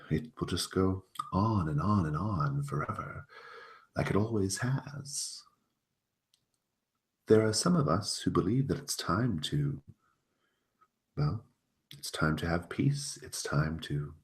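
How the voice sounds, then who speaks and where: A persuasive fae courtier, put on by a man, in a tabletop game. The voice sits very deep and moves slowly. Each plea ends on a soft, leading question. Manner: slow, coaxing, ends on rising questions.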